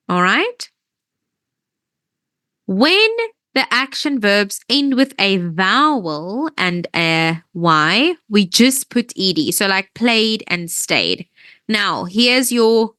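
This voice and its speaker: A woman's voice: medium pitch, bright, forceful tone, no room sound. A woman teaching English grammar in an online lesson, explaining patiently step by step and often checking that students follow.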